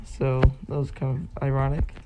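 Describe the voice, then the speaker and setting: A man's voice: mid-range voice, monotone, moderate pace, noisy background. A young man casually telling a personal story on his vlog, rambling and full of fillers. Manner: rambling, filler-heavy retelling. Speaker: vlogger.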